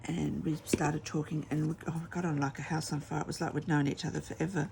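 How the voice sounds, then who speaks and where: A woman's voice: low-pitched, little pitch movement, fast talker, creaky, background noise. A middle-aged woman, chatting casually and telling rambling stories while she crafts at home. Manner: rambling storytelling with many fillers. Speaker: craft vlogger.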